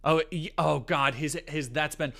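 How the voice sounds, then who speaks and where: A man's voice: fairly high pitch, unhurried, gravelly, pushed and bright. A man streaming live, chatting casually, joking and swearing as he rambles.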